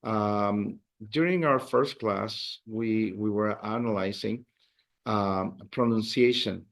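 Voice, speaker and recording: A man's voice: fairly low pitch, takes it slowly, gravelly. A man teaching a beginner Spanish class, patiently repeating words and phrases for his learners. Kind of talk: beginner language lesson.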